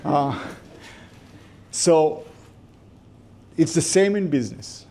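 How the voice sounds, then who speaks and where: A man's voice: on the high side, measured pace, pauses often, dark tone. A man giving a conversational business lecture to a class, with informal joking asides.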